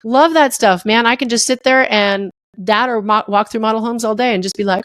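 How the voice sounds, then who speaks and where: Middle-aged woman podcast host, animated and jokey, on the high side. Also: brisk, few pauses, no echo, clean studio sound. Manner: animated, playful, acts out voices and jokes. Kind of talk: casual solo podcast monologue.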